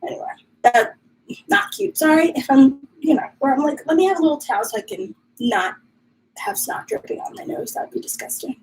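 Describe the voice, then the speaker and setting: A woman's voice: sits high, big pitch swings, fairly quick, a little mellow, slight background noise, poor audio. A woman hosting a casual live stream from her home, chatting and reading viewer comments aloud while dealing with allergies and a runny nose. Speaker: livestream host.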